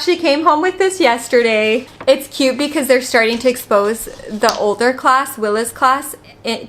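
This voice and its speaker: A woman chats casually to her viewers as a mother and vlogger. Her voice sits a bit high for a woman. She rambles comfortably, filling gaps with "like" and laughing easily. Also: fairly bright tone. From United States. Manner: chatty, with frequent "like" fillers and easy laughter. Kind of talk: casual chat to camera.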